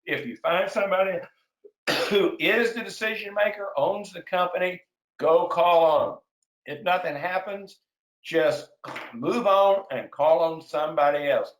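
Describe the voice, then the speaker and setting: A man giving a sales webinar in an energetic, excitable way, getting wound up and then reining himself in. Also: high voice, a little slow, reverberant, low-quality recording. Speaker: sales trainer hosting a webinar.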